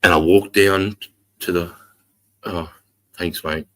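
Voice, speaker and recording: A middle-aged Australian man with a very low voice tells a long story on his livestream. He rambles, swears freely and gets animated as he relives it. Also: slow pace. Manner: rambling, profane, animated retelling. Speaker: livestream host.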